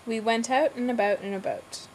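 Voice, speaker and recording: A woman's voice: a little high, steady tone, darkish tone, slight background noise, poor audio. A woman reading a word list aloud in casual talk and stopping to explain how she says each word. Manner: slow, thoughtful, breaks off to explain her pronunciation. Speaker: accent word-list reader.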